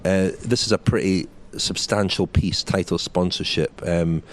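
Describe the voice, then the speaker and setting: A man's voice: sits low, fairly even intonation, unhurried, a little hiss or hum. A man co-hosting a podcast, reporting on races in an easygoing way and turning remarks into questions for his co-hosts. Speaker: podcast co-host. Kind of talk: casual chat, race report.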